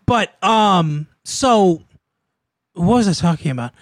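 Casting: high-pitched guy, dry close sound, easygoing and profane co-host chatter. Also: animated, slow, no echo. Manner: laid-back, swears and laughs often. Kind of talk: casual chat.

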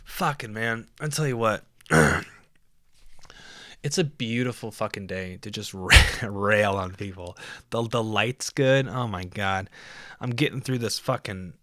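A man's voice: mid-range voice, a bit bright, dry recording, clean studio sound. A man hosting his own podcast in a casual solo monologue, rambling and joking with lots of swearing. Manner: profane, rambling, jokey. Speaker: podcast host.

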